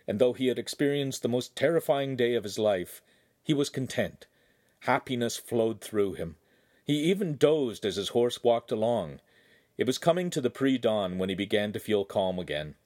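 A man reads a novel aloud as narrator. His delivery is steady and even, at a middling pitch. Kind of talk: audiobook narration.

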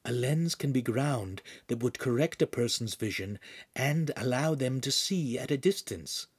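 A man voicing a calm, scheming male adviser who feeds lines quietly in a storybook reading. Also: mid-range voice, breathy edge. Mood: coaxing. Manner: soft, measured, coaxing.

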